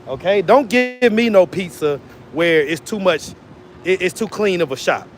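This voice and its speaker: A man's voice: sits high, lively intonation, normal speed, faint music behind. A man, chatting loosely on a phone livestream from a pizza shop, full of slang and fillers. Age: 40s. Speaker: street interviewer and livestream host. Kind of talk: casual livestream chat.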